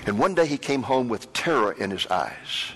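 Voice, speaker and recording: A man voicing a gentle, courteous refugee man who speaks softly and haltingly. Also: medium pitch, very animated, a little hiss or hum, voice pushed down. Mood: somber. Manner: soft and courteous, with halting restarts. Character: gentle, polite, soft-spoken refugee man.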